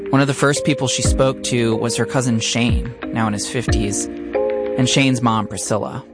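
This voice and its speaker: A man narrating a radio story in a measured, calm, scripted way. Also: mid-range voice, loud music behind the voice.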